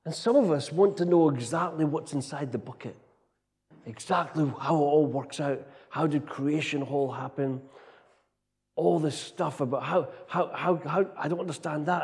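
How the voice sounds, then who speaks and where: High-voiced preacher man in an echoing hall. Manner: animated storytelling, keeps tagging "right?". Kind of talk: storytelling sermon. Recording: long reverb of a large hall.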